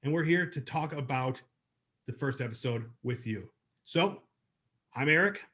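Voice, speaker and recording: A man's voice: medium pitch, measured pace, sharp tone. A man co-hosting a podcast, reviewing a TV episode in a chatty, upbeat way with lots of fillers. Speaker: podcast co-host. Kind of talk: casual review chat.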